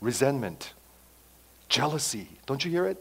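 A man's voice: medium pitch, big pitch swings, normal speed, creaky, breathy edge. Male pastor, sermon, dramatic dynamic swings, conversational. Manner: emphatic, swings from loud to hushed.

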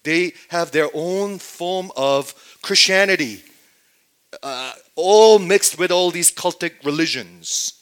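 A man preaching a sermon, moving between loud emphatic stretches and hushed near-whispers, and putting rhetorical questions to his listeners. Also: sits high, takes it slowly, clean tone, poor audio. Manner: asks the audience rhetorical questions. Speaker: pastor.

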